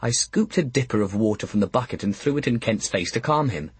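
A man reading an audiobook in a measured, first-person storytelling manner. His voice is husky, and the recording is close and dry. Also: fairly low pitch, animated, no echo. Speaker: narrator. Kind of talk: audiobook narration.

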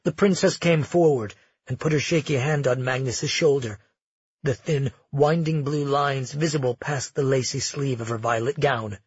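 Telling the story with measured drama, this male audiobook narrator has a slightly high, husky voice. The sound is lo-fi, dull, and dry, without any echo.

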